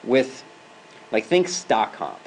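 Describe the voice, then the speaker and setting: A man's voice: medium pitch, wildly swooping pitch, slow, a little hiss or hum, poor audio. A man giving a university lecture in a classroom as an adjunct professor. He talks conversationally and keeps checking in with "right?" and "okay?".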